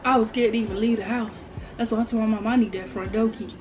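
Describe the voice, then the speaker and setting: A young woman vlogger telling a story in casual chat, animated and slangy, repeating lines for emphasis. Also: a little high, fast, over music. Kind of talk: casual storytime while eating.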